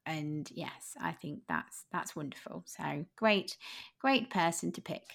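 A woman co-hosts a podcast in relaxed, chatty talk. She sounds a bit tired and scattered. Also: sits low, slow pace, creaky. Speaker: podcast co-host. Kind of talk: casual chat.

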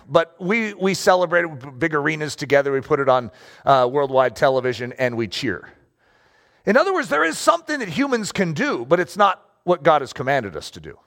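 A man preaches a sermon from a church stage with emphatic, animated energy. His voice sits high and swoops widely, with a gravelly edge. He leans on rhetorical questions and stretched-out key words. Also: a little fast. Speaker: pastor.

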